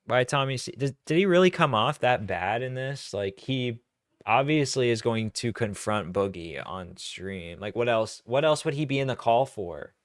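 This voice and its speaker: Young man, streamer commentary, casual, rambling, dry close sound, mid pitch. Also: lively intonation, moderate pace, no echo. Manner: rambling, self-correcting, laughs between points.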